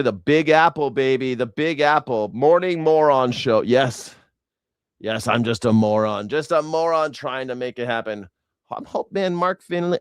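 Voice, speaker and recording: A man's voice: mid-range voice, smooth, no room sound, clean studio sound. A man hosting a news reaction show, sarcastic and profane in a rambling way. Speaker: host.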